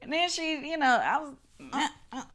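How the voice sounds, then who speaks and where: A middle-aged woman hosting a casual recap chat, animated and swearing, acting out her own reactions. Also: high-pitched, moderate pace. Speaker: show host.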